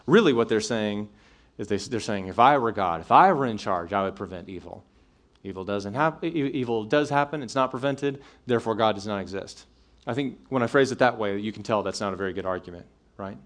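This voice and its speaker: A man's voice: fairly low pitch, a little fast. Guy talking to college students, lots of ums and restarts, keeps checking if they're following. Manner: conversational, frequent fillers and restarts, checks in with listeners. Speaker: speaker addressing college students. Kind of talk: apologetics talk to a live audience.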